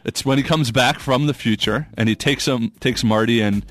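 A man's voice: mid-range voice, moderate pace, fairly bright tone, soft background music. A man co-hosting a casual chat, eagerly retelling movie scenes.

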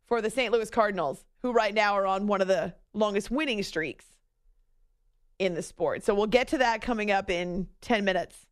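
A woman hosting a late-night sports radio show from a studio, chatty and self-mocking, with giggly asides. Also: mid-range voice. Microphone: studio microphone.

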